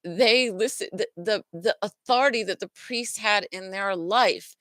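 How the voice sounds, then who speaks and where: A woman hosting a healing talk, teaching in an earnest, searching way and pausing to regroup her thoughts. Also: mid-range voice, a bit bright, no room sound. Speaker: host, emotional healing teacher. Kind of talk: unscripted teaching monologue.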